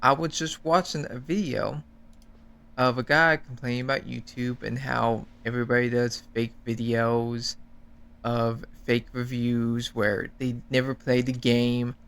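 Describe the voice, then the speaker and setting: A man's voice: medium pitch, little pitch movement, a little slow, gravelly, fairly bright tone, smooth. Man ranting earnestly about his gripes. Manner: complaining, earnest rant. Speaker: guest YouTuber. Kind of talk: casual chat.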